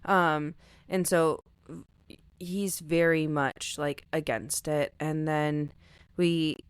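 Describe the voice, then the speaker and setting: A woman's voice: low-pitched, steady tone, very slow, clear, resonant tone, dry recording. A woman co-hosting a podcast, talking casually about a book with many fillers. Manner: casual, filler-heavy with likes and you knows. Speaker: podcast co-host.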